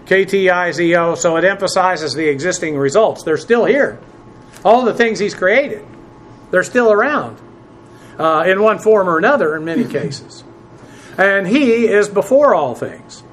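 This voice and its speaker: A man teaching a Bible passage word by word from the Greek, spelling terms letter by letter and filling pauses with "uh". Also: high-pitched, expressive, a bit bright, slight background noise. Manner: spells out Greek words letter by letter, many "uh" fillers; presses emphatic points with rising force.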